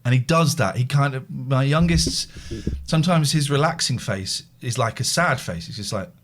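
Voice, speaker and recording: A man's voice: mid-range voice, moderate pace, a little hiss or hum. A middle-aged man hosting a live phone-in show, telling rambling anecdotes in a chatty way. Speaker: radio phone-in host. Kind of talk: casual live chat.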